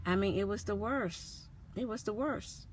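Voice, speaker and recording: A woman's voice: mid-range voice, measured pace, slight background noise. A woman, a mother, earnestly telling her son's story in a personal vlog, repeating herself with feeling. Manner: earnest, repetitive, emotional retelling.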